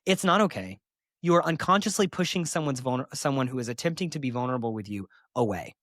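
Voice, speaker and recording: A man's voice: medium pitch, animated, fast, a bit bright, dry recording, clean studio sound. Candid, emphatic man hosting a podcast. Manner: candid, emphatic, with sassy asides. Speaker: podcast host and therapist. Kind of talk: solo podcast talk.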